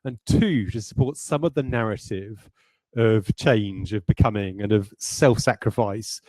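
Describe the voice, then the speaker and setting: A man's voice: lowish voice, a little slow, darkish tone, dry recording, poor audio. A man, a game designer, talking through design ideas in a rambling, self-deprecating way with many hesitations. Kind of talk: livestreamed design talk.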